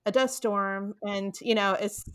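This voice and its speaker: A woman's voice: medium pitch, steady tone, a little slow, a bit bright, clean tone. A middle-aged woman from Texas, a guest on a podcast interview, telling stories and acting out her own quoted lines. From Texas, USA. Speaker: guest author.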